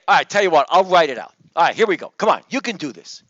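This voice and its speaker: Casting: male lecturer, high voice, loud and teasing, dry dull recording. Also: very animated, fast, hardly any pauses, no echo. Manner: joking, coaxing, calls students by name; loud, projects voice to the room. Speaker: engineering professor. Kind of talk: lecture review session.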